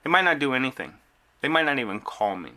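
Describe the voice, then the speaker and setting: A man's voice: mid-range voice, sing-song, fast talker, bright, forceful tone. A man in a casual venting vlog, frustrated, retelling a long back-and-forth with customer service and store staff. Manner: frustrated, retelling conversations with quoted exchanges. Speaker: delivery driver venting to camera.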